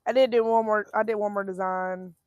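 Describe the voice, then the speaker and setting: A woman's voice: mid-range voice, fairly even intonation, a little fast, darkish tone, no room sound, studio quality. A woman hosting a casual outdoor livestream, chatting in a matter-of-fact way and reading viewer comments aloud. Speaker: host of a homesteading livestream. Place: outdoors by a fire.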